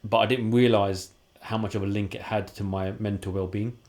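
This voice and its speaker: Fast-talking man in his forties. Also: lowish voice, steady tone, a little mellow. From London, England. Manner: casual, acts out quoted dialogue in his stories. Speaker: podcast guest. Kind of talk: candid personal storytelling.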